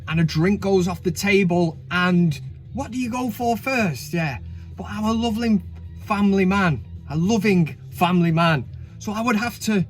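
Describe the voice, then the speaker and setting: A man hosting a casual comedic countdown, chatting cheekily with frequent swearing and asides. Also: sits high. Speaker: host.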